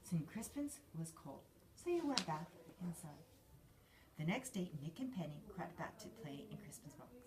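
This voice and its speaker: A woman's voice: lowish voice, moderate pace, crowd noise. A woman reading a children's story aloud, acting out each character as she goes. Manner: lively, acts out each character. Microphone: filmed on a handheld camera.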